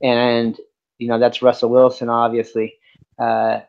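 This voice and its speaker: A man's voice: mid-range voice, monotone, a little slow, a little mellow. A man co-hosting a sports podcast, making long rambling points in casual debate and often restarting his sentences. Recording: dull lo-fi sound.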